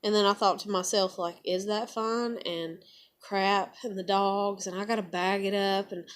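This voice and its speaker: A woman venting in a rambling, casual monologue, full of fillers and quoted thoughts, rising loud when excited. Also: mid-range voice, moderate pace, clean tone. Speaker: vlogger.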